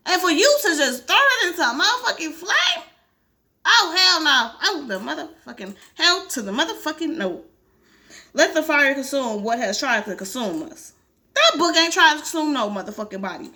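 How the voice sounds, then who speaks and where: A woman commentating a game with loud, profane exclamations and reading its dialogue aloud. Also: sits high, very animated, moderate pace. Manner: reads game dialogue aloud between reactions. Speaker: gaming commentator. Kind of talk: let's play commentary.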